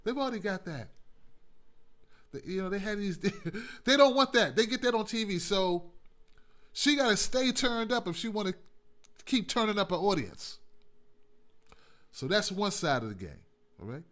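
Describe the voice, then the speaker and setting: A male talk host with a high, very lively voice that swoops up and down constantly. He rambles through a casual monologue, cussing freely and breaking into laughs as he goes. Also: moderate pace, long pauses. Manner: animated, rambling, profane, laughing. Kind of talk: casual monologue on a call-in show.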